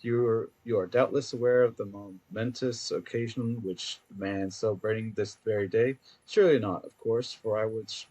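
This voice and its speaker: A grandiloquent game character, voiced by a man reading his letter aloud, speaking in lofty archaic phrasing and tripping over the long words. The voice sits fairly low. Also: darkish tone, husky. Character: pompous flowery-spoken married man.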